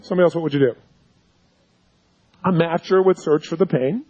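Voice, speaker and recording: A man's voice: a little high, brisk, long pauses, darkish tone. A man giving a live seminar lecture, firing rhetorical questions at his audience and acting out his own dialogue as he tells a story. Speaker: seminar speaker coaching an audience. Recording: dull lo-fi recording.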